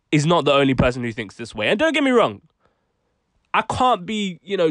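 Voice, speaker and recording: A man's voice: high voice, dry recording, studio quality. A young British man giving exasperated, slangy opinion commentary on a vlog. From United Kingdom. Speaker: commentary YouTuber.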